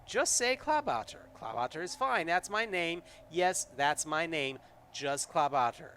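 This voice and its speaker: A man voicing a moody, half-mad little old male kobold in a solo tabletop game, talking in a shrill, fussy, indignant way. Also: expressive, unhurried, bright, forceful tone, a little hiss or hum. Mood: insistent.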